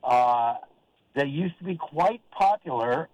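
An older man phones in to a talk show, talking slowly and haltingly through restarts and fillers. His voice is gravelly and sits a bit high for a man, and the line sounds dry and close. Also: dry recording, lo-fi sound. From Oregon. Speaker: caller. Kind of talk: casual call-in chat.

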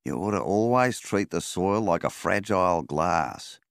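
A man voicing a folksy middle-aged farmer in a storybook reading, speaking slowly and sagely. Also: low-pitched, lively intonation, gravelly, clear, resonant tone, no echo, clean studio sound, pitched above the performer's own voice, heavily acted. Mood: wise.

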